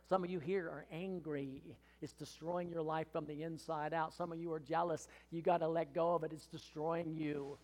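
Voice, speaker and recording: A man's voice: fairly high pitch, flat delivery, normal speed, few pauses. A man in his sixties preaching a sermon to his congregation, earnest and emphatic, rising to impassioned pleading. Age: 60s. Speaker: pastor. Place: church hall. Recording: long hall reverb.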